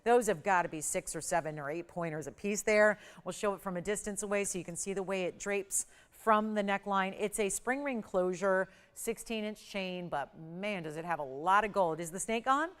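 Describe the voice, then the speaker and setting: Smooth-voiced woman hosting a shopping show. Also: mid-range voice, normal speed, hardly any pauses. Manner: enthusiastic, emphatic sales patter. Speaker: shopping channel host. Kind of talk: live on-air sales pitch. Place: TV studio.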